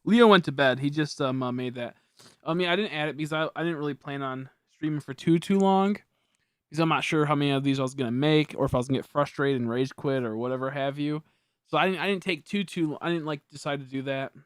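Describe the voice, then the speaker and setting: A man's voice: a little high, quick pace, smooth, no room sound, clean studio sound. Casual, rambling young male streamer. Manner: rambling, self-correcting, easily frustrated. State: hiccups. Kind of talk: casual live-stream chat.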